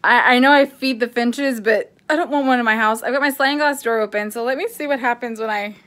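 A woman in her thirties talks into her phone in a flustered, excitable rush, full of restarts and fillers. Her voice sits a little high for a woman. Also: fast. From California. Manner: flustered and excitable, bursts into screams. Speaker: vlogger. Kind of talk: casual phone vlog. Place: home kitchen, then at an open sliding door.

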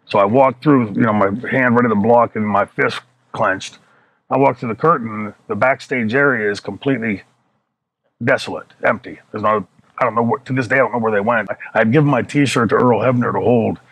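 A man's voice: fairly low pitch, fairly quick, no room sound, poor audio. A man in his fifties, an interview guest, telling a story with plenty of swearing and acting out the people in it. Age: 50s. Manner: profane, animated storytelling that acts out the people in his stories.

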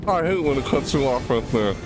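A gaming channel host playing a horror game, panicking out loud with yelps, shrieks and repeated cries of alarm. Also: mid-range voice, animated, brisk. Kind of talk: horror game let's play commentary. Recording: game music loud under the voice. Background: loud tense game music.

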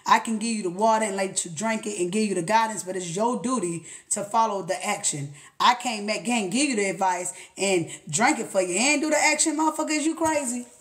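A woman's voice: mid-range voice, a little fast, hardly any pauses. A woman giving a casual motivational talk, blunt and profane, often laughing as she talks to herself. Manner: blunt and profane, swears freely. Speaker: spiritual motivational speaker.

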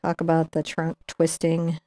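A woman's voice: deep voice, completely flat delivery, unhurried, mellow, no echo, clean studio sound. A middle-aged woman teaching acrylic painting live, chatting and explaining each brush move as she paints. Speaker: painting instructor.

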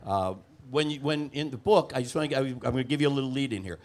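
A man's voice: mid-range voice, quick pace. Man interviewing a guest onstage. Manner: hesitant, many fillers and restarts. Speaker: interviewer and co-writer.

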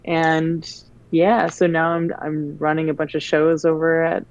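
A woman with a low voice chats casually, rambling through stories with plenty of "like" and restarts. Her audio sounds a little dull and lo-fi, like a call recording. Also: measured pace. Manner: rambling, animated storyteller. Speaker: guest. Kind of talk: casual chat.

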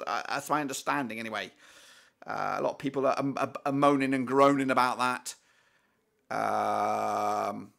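Excitable gravelly male football fan. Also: medium pitch. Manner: excitable, swears, frequent fillers and restarts. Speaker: fan watchalong host. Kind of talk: live football watchalong commentary.

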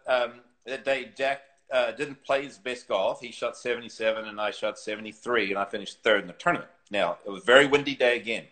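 Animated New man telling stories. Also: medium pitch. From New Zealand. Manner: animated storyteller, laughs often, acts out quotes. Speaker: golf coach and former tour pro. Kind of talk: interview storytelling. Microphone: video call.

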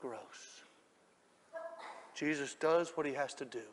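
A man preaching a sermon, telling the story dramatically and swinging from hushed lines to shouts. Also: mid-range voice, slow pace, in a large hall, slight background noise.

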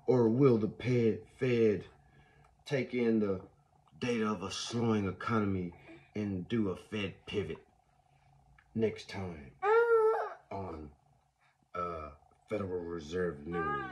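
A man's voice: lowish voice, steady tone, a little slow, long pauses, a little mellow. A young adult man hosting a casual podcast while caring for his baby, talking in slang and playfully scolding the baby. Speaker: podcast host.

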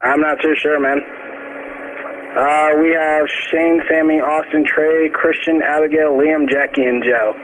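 Man, laid-back drawl, lots of fillers, fairly high voice, noisy phone line. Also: steady tone, measured pace, a bit bright. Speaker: fast food assistant manager.

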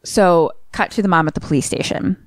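A woman's voice: fairly low pitch, fairly quick, no echo, studio quality. A woman co-hosting a podcast, casually retelling a film scene by scene and acting out the characters' lines. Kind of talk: casual chat.

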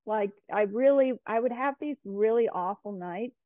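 A woman's voice: fairly high pitch, moderate pace, dry recording. A woman guest in a casual interview, chatty and full of fillers and restarts. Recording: tinny phone-like line.

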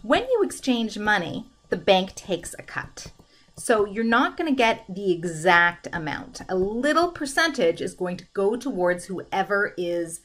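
A woman's voice: medium pitch, very animated, measured pace. A woman teacher talking through a currency conversion problem step by step in a recorded math lesson. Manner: methodical, talks through each step aloud.

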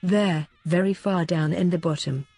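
A woman reading the part of a calm, pleasant male missionary priest who speaks to a young man. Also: lowish voice, normal speed, breathy edge, no echo. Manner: calm and friendly, then stern warning.

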